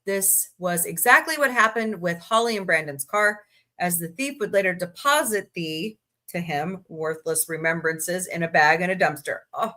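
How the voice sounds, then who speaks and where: A tired woman with a sharp-toned, medium-pitched voice hosts a casual livestream. She chats to viewers, reads good-news stories aloud with her own side comments, and yawns every so often.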